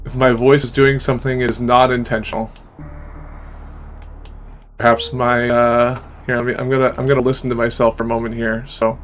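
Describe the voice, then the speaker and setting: A man's voice: medium pitch, flat delivery, fairly quick, soft background music. A man streaming a game live, chatting casually into a desk microphone in a rambling, self-deprecating way. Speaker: gaming streamer. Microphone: USB desk microphone.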